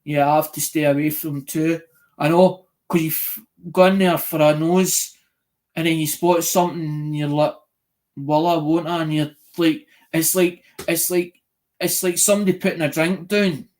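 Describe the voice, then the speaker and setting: A man's voice: a little high, fairly even intonation, normal speed, darkish tone. A man chatting casually to viewers, rambling and restarting phrases, acting out what people say. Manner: rambling, repeats and restarts phrases, acts out quoted voices. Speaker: coin collecting YouTuber.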